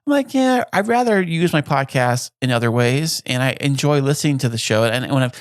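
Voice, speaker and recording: A male podcast host chatting casually with a guest, quick to joke and say what he thinks. His pitch moves around a lot as he talks. The recording is dry and close. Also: dry recording. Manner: joking, expressive. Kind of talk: casual interview chat.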